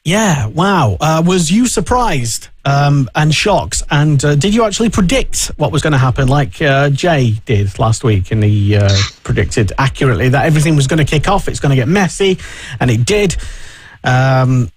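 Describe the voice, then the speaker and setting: A man's voice: a little high, animated, normal speed, slight background noise. A man hosting a casual motorsport radio chat, rambling and hesitant with lots of fillers. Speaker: radio show host.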